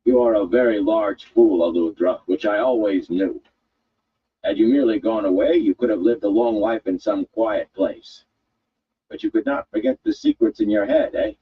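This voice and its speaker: A man's voice: on the low side, very animated, moderate pace, narrow, tinny audio, slight background noise, voice pushed up. A man voicing a big, mocking guild enforcer who threatens in a strange formal way. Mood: menacing.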